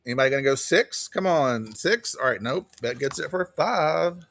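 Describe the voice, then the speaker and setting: A man's voice: fairly high pitch, animated, vocal fry, dry recording. Chatty man calling auction bids. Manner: quick bid-calling, chatty, greets viewers by name. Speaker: live online auction seller. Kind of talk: casual live-stream auction patter.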